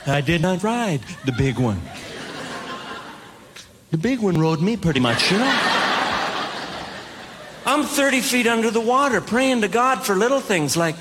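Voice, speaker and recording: A man doing stand-up comedy, telling self-deprecating stories in an animated way and acting out the dialogue. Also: high-pitched, a little slow, pauses often, background noise.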